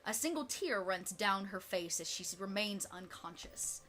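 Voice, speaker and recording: Soft-spoken woman narrating a game. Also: mid-range voice, lively intonation, faint music behind. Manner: soft, unhurried, with fillers. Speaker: game master.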